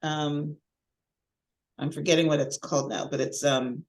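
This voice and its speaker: A woman's voice: low voice, fairly even intonation, darkish tone. A woman hosting a podcast interview in a casual, supportive way, chiming in often. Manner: supportive, quick back-channel replies, laughs easily. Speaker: podcast host.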